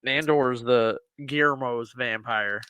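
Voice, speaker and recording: A man co-hosting a podcast, casually and excitedly retelling scenes from a TV show in a rambling way. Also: mid-range voice, a little slow, clear, resonant tone, highs cut off. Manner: excited, rambling, quotes characters. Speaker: podcast co-host. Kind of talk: casual chat, retelling episodes.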